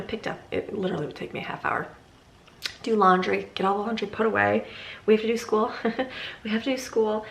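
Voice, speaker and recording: Chatty middle-aged woman, gravelly, echoey room. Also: mid-range voice. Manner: chatty, rambling, laughs often. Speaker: vlogger. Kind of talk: casual chat. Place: home. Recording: echoey room with faint ambient noise.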